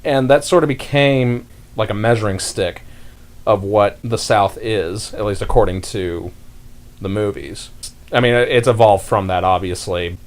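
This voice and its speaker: Lower-voiced young man chatting casually. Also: measured pace. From North Carolina, US. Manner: rambling, talks with many fillers and restarts. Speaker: podcast host. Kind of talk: casual podcast chat.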